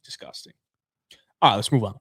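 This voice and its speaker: This man co-hosts a casual betting podcast, talking in a laid-back manner. He has a medium pitch with lively intonation and normal pacing, captured in a dry, studio-quality recording.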